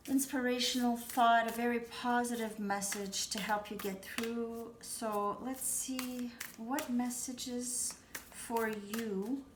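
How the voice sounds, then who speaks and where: A woman's voice: a little high, background noise. A woman giving a casual, reassuring tarot reading to her viewers at home, talking in a chatty way full of "you know" and "you guys". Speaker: tarot reader. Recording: echoey room.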